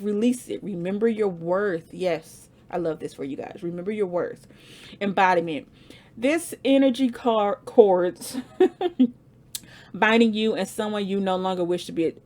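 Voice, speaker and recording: A young woman giving a casual tarot reading, animated and slangy, laughing often and repeating phrases for emphasis. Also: mid-range voice. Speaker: tarot reader.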